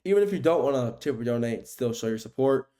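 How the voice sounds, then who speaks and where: A young man from the United States hosts his own sports podcast in loose, casual talk. His voice sits at a middle pitch, and he rambles and restarts his sentences. He repeats his points and gets fired up over the game stats. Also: fast. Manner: rambling, repeats himself, many fillers and restarts; grows excited when talking about the game. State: sleepy, keeps yawning. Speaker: podcast host.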